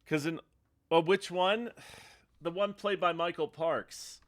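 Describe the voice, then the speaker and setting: A man's voice: a little high, slow. Rambling, chatty male streamer. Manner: rambling, chatty, laughs often. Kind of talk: casual chat over gameplay. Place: home streaming setup.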